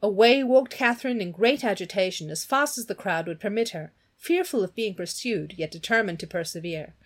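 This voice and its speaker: A woman's voice: mid-range voice, lively intonation, a little fast. A woman reading a novel aloud with expression, voicing the characters and stopping to chat about the story. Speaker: reader of a novel.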